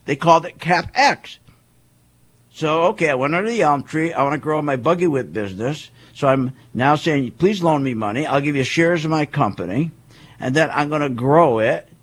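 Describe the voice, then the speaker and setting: A man with a husky voice giving an emphatic monologue, firing off rhetorical questions and acting out quoted voices. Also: fairly high pitch, animated, normal speed, a bit bright. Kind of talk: animated monologue on markets.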